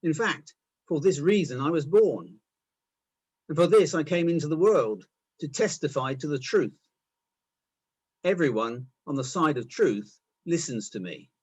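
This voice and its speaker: Calm dignified jesus, as a man reads him, husky, lively. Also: a little high, a little slow, pauses often.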